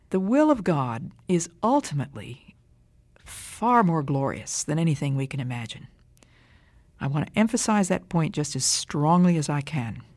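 Slow, low-voiced older woman teaching. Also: a little mellow, no room sound. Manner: measured, deliberate, emphatic delivery. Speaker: radio Bible teacher. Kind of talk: scripted radio devotional talk.

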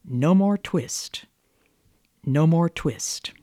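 A man's voice: medium pitch, lively intonation, drawn-out words, a little mellow, dry recording, clean studio sound. A woman voicing a poor, sick old male tailor who pleads anxiously. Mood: feverish mumbling.

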